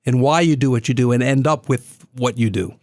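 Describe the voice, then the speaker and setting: A man's voice: medium pitch, brisk, darkish tone, no echo, studio quality. A middle-aged man hosting a business podcast, chatting casually with a guest and dropping in filler sounds as he goes. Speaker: podcast host. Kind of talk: casual interview chat.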